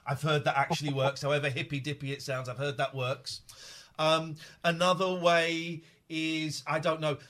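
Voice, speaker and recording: A man hosting an emotional conversation, earnest and halting, with frequent restarts. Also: fairly high pitch, flat delivery, fairly bright tone.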